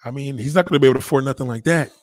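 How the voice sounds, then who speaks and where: A man voicing a condescending car salesman who drawls in a lowered, dismissive voice. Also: racing, no room sound, lightly acted. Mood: smug.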